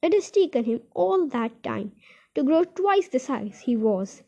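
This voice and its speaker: High-voiced woman reading a children's story. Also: unhurried, gravelly. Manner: expressive, animated reading. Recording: dull lo-fi recording.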